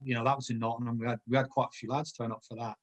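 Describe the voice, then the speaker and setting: His delivery is flat and his pace racing, with a medium pitch: a middle-aged man who used to play football, appearing as a guest on a casual podcast. His anecdotes ramble at length and are riddled with restarts.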